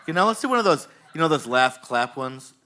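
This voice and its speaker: A man hosting a live comedy show on a bar stage, directing the audience in a rambling, halting, jokey way with lots of fillers. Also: a little high, big pitch swings, bright, forceful tone.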